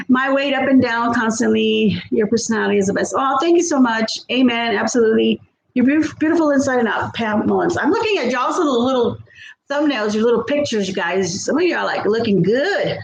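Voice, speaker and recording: Woman host, chatty, high-pitched, echoey room recording. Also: vocal fry. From Texas. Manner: chatty, greets viewers by name, lots of fillers. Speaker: livestream host. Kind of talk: casual livestream chat reading viewer comments. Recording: echoey room with faint background noise.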